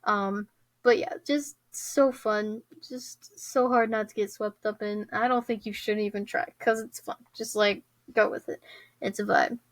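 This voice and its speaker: A woman's voice: medium pitch, steady tone, measured pace, no room sound. A young woman hosting her own podcast in casual chat, bubbly and giggly, with many fillers and restarts. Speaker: podcast host.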